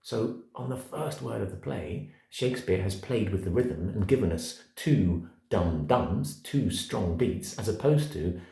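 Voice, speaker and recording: A man's voice: lowish voice, expressive, unhurried, gravelly, hardly any pauses, mellow. A middle-aged man teaching an acting masterclass, stressing single words and tapping out verse rhythms. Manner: emphatic, words spelled out one by one, rhythmic. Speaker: acting coach. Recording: echoey room.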